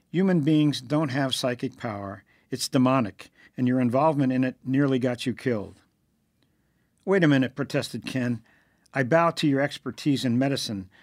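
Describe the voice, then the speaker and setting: Male audiobook narrator, mid pitch, dry close recording, scripted novel reading. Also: no room sound. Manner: reads dialogue with slightly raised pitch for characters.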